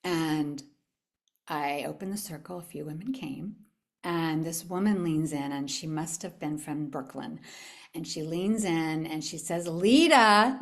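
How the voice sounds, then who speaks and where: Female summit speaker, motivational talk, animated storytelling, asks the audience questions. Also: lowish voice. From California. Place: event room with a live audience.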